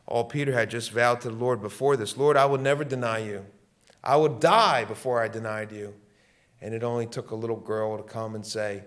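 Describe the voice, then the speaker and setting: A middle-aged man preaching a sermon as pastor, repeating his lines and swinging between loud, fervent peaks and hushed, quiet passages. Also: mid-range voice, fairly even intonation, brisk.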